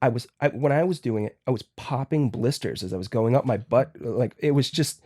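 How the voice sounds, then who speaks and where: A man's voice: medium pitch, darkish tone, dry recording, studio quality. A man, a podcast guest, telling stories casually, stopping and restarting often. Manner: halting, full of restarts and fillers. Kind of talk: casual storytelling.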